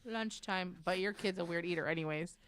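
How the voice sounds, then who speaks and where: A woman's voice: on the low side, a little fast. A middle-aged woman co-hosting a casual chat show, telling chatty stories and acting out what her family says. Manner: chatty, animated storyteller acting out family quotes. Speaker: podcast co-host.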